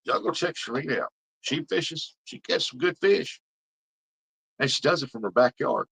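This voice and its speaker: A man's voice: mid-range voice, lively intonation, normal speed, vocal fry, fairly bright tone, slightly rough, poor audio. A middle-aged man, rambling through fishing stories as he chats with viewers on his livestream. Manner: folksy rambling storyteller. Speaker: livestream host. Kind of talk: casual chat with viewers.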